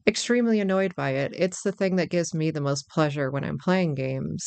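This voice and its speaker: A let's-play commentator musing over a fantasy game, chatty and self-deprecating, with a gravelly, creaky edge on the voice. The sound is dry and close, with no room around it. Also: medium pitch, dry recording. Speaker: gameplay commentator.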